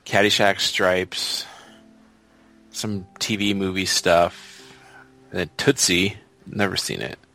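A man's voice: sits low, flat delivery, takes it slowly, pauses often, sharp tone, soft background music. A man hosting a casual chat, leading with questions and rambling through lists.

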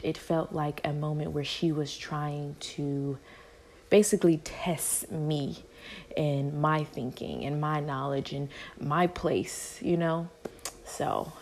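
A young woman hosting a casual talk show, recounting a work conflict animatedly and then reflecting on it. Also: low voice. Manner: animated retelling, acting out both sides of a conversation. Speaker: podcast host.

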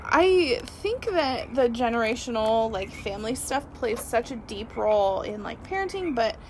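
A woman with a high, bright-sounding pitch chats as a podcast host, talking with her whole self and leaning hard on her words. She jumps in with quick reactions and agreement. Faint background noise sits under her voice. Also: poor audio. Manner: expressive, emphatic, quick to react. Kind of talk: casual chat.

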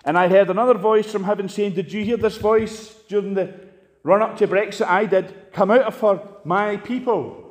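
An impassioned male preacher with a high-pitched voice. He delivers a fiery sermon, rising to loud, emphatic peaks and then dropping to hushed asides. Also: fairly even intonation, normal speed.

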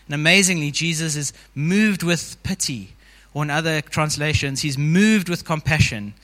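A man's voice: on the high side, normal speed, few pauses, fairly bright tone, long reverb tail. A man preaching a sermon to a congregation in a casual, conversational way, filling his sentences with "you know". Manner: informal, frequent "you know" fillers.

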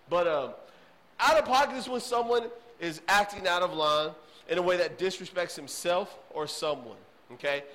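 A man's voice: a little high, a bit bright. A man, preaching a casual sermon as a youth pastor and often checking in with "okay?". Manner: casual, chatty, frequent "okay?" check-ins. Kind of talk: sermon to teens.

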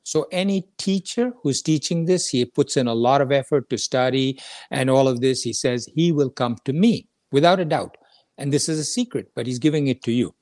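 A man teaches a scripture lesson in a conversational, earnest way, stopping to repeat his main points. His voice sits at an ordinary middle pitch. The sound is dry, with no room echo. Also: moderate pace, a little mellow.

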